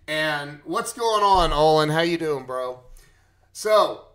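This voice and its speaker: A man with a slightly high voice tells a personal story to his live chat. He is animated, swinging his pitch around as he acts out his own panic. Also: slow pace. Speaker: streamer telling a personal story.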